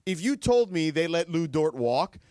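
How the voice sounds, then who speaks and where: A man co-hosting a sports radio show, chatting casually and animatedly with plenty of quick agreement. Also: on the high side, sing-song, darkish tone, no echo, clean studio sound. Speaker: radio co-host. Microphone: studio microphone.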